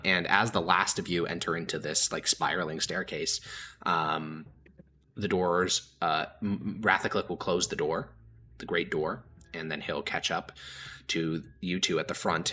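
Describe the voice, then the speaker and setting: A man's voice: deep voice, pushed and bright. A young man narrating as game master in a casual, hesitant way with many fillers.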